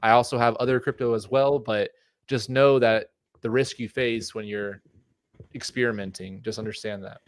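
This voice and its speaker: A man's voice: medium pitch, steady tone, normal speed, no echo. Passionate man ranting on a podcast. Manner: passionate, ranting warnings with many fillers. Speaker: podcast co-host. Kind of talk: casual podcast chat.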